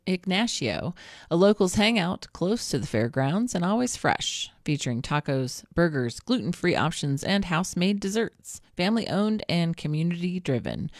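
A woman's voice: low voice, darkish tone, dry recording, studio quality. A woman announcing on public radio in a friendly, conversational way.

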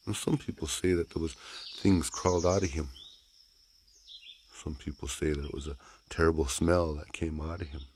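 A man telling a traditional folk tale aloud in an unhurried, repetitive storytelling manner. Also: a bass voice, fairly even intonation, a little mellow, slight background noise. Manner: unhurried, repeats phrases, talks to listeners.

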